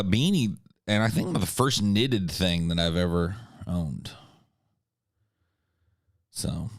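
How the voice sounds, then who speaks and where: A man's voice: lowish voice, dry recording. Man, stream host, crude and sarcastic, dry close sound. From United States. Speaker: livestream host. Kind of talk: casual stream chat, reading viewer comments.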